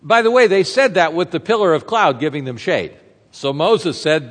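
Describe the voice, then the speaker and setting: High-voiced male preacher in a reverberant hall. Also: expressive, normal speed. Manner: conversational storytelling with rhetorical questions. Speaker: pastor. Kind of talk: sermon.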